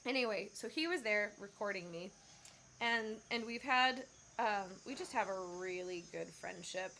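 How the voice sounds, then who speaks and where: A woman's voice: medium pitch, normal speed, sharp tone, a little hiss or hum. A woman singer telling a rambling story on her casual livestream, with many fillers and self-corrections. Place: Bali.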